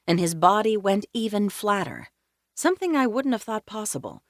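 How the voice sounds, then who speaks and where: A woman narrating a cozy mystery audiobook in first person, with a wry, deadpan humor. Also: medium pitch, moderate pace, no room sound, studio quality.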